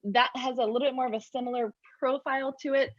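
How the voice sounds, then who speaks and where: A woman's voice: high-pitched, steady tone, quick pace, no room sound. Chatty woman sommelier, dull dry recording. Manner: chatty, storytelling, upbeat. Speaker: sommelier, guest. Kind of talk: casual video interview.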